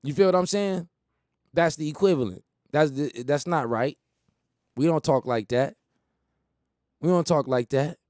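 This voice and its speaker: A man's voice: fairly high pitch, measured pace, pauses often, a little mellow, no room sound, studio quality. Emphatic man riffing on talk radio. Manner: rambling, emphatic, repeats phrases, laughs at his own jokes. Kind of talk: casual monologue.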